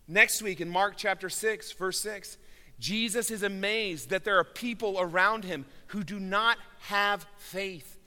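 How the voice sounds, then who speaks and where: A man preaching a sermon with earnest emphasis, rising loud on key words and dropping low and quiet. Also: moderate pace. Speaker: pastor. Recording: long hall reverb.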